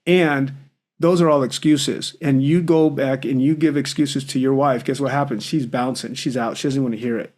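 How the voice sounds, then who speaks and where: A man's voice: medium pitch, fairly even intonation, normal speed, darkish tone. A man hosting a live coaching call as a marriage coach, talking directly and emphatically and calling the caller brother.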